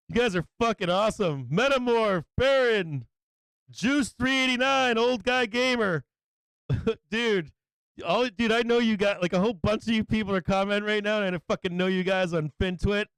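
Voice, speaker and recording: A man hosting a live stream, greeting viewers by name in an excited, casual way, swearing and getting emotional. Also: high voice, normal speed, clean tone, no room sound. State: emotional, close to tears. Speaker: livestream host.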